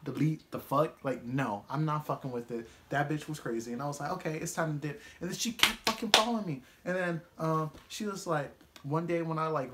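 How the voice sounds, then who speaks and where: Profane, animated young man telling a story. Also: a little high, a little hiss or hum. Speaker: vlogger. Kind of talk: casual storytime vlog.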